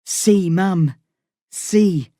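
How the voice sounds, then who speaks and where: A man's voice: sits high, drawn-out words, mellow, no room sound, studio quality, voice pushed up. A man voicing a desperate teenage boy who pleads with his mother through a cell door in a strained whisper. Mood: pleading.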